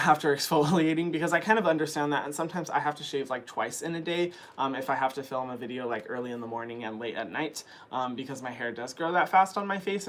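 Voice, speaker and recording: A man's voice: medium pitch, a bit bright, slight background noise. A young man hosting a skin care channel, answering viewer questions in a chatty, casual way full of "um" and "like", with an early morning voice. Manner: chatty, frequent fillers like "um" and "like". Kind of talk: casual chat.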